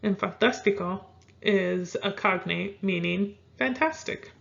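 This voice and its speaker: A woman teaching a video lesson, calm and clear, slowing down to spell out example words. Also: medium pitch. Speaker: Spanish teacher. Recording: dull lo-fi sound.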